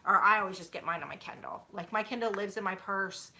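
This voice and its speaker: A woman's voice: medium pitch, fast, pushed and bright, a little hiss or hum. A woman in her thirties chatting casually with viewers at home, rambling with many fillers. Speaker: YouTuber. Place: home, sitting on a bed.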